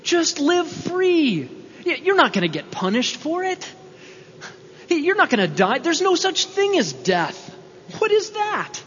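A man's voice: very high voice, wildly swooping pitch, unhurried, a bit bright, a little hiss or hum, pitched above the performer's own voice, exaggerated voice. A man voicing a sly, tempting serpent in a breezy, mocking, coaxing way. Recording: dull sound in a reverberant hall.

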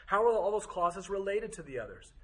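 A man's voice: high-pitched, big pitch swings, fairly quick. A man teaching a Bible study class, firing off strings of rhetorical questions with occasional joking asides. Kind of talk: teaching to a group.

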